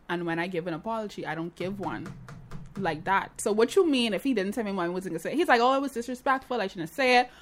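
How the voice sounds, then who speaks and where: A woman hosting a casual chat, commenting with animated indignation and mocking quotes. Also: medium pitch. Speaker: podcast host.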